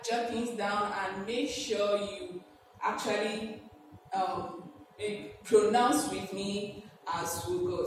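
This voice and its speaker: A woman from Nigeria teaches slowly and deliberately, pausing on fillers as she explains. The mic is far from her, and a large hall adds long reverb. A clear background hiss runs throughout. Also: medium pitch. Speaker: guest language teacher. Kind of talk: classroom-style lesson. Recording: echoey hall from a distant mic, noisy.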